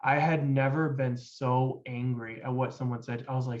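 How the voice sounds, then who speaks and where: A young man, a podcast guest, telling his life story casually with loose, halting phrasing and many fillers. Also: medium pitch, fairly even intonation, a little mellow. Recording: dull lo-fi sound.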